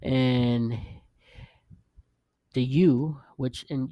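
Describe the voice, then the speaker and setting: A man's voice: mid-range voice, little pitch movement, slow, long pauses, dark tone, dry recording. A man teaching a casual video language lesson, patiently repeating sounds and checking in with the viewer. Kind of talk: casual vlog-style lesson.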